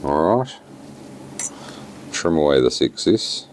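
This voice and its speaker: Against slight background noise, a man with a New Zealand accent and a rumbling low voice talks slowly through a fly tying tutorial. He keeps it casual, relaxed and plain-spoken, with many fillers.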